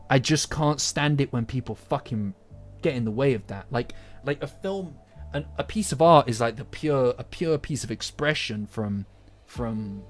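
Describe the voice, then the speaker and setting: A British man chatting casually to his stream audience, rambling, swearing and getting worked up. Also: mid-range voice. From Britain. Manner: rambling, profane, quickly agitated. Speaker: anime commentator. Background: faint lo-fi music.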